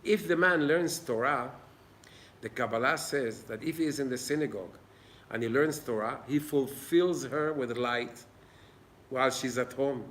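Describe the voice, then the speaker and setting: A man's voice: medium pitch, normal speed, a bit bright, a little hiss or hum. Earnest man teaching Torah. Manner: earnest, plain-spoken, acts out little dialogues. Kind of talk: informal Torah class. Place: old synagogue.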